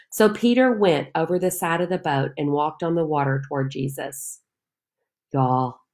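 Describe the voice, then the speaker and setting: A woman's voice: lowish voice, a little mellow. A woman leading a Bible study, reading scripture aloud and speaking to listeners in an earnest, heartfelt way. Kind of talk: devotional Bible teaching.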